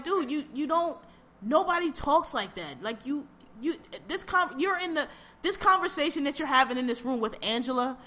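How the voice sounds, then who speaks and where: A woman co-hosting a podcast, bluntly ranting in casual chat about a TV show, repeating herself and getting animated. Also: on the high side. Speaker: podcast co-host.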